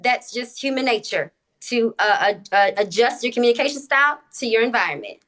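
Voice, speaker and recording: Measured woman speaking on a phone livestream. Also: a little high, animated, fairly bright tone. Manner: measured, deliberate, with many fillers. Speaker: TikTok live guest. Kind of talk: casual live-stream debate.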